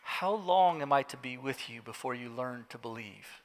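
A man voicing a calm, grave and tender teacher, who speaks slowly and quietly, recorded in an echoey hall. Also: medium pitch, creaky. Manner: slow, solemn, quiet.

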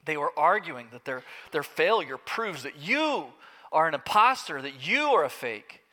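A man's voice: on the high side, big pitch swings, moderate pace, sharp tone. A man playing a desperate father begging for his sick son to be healed, his voice pleading and breaking, recorded in an echoey hall.

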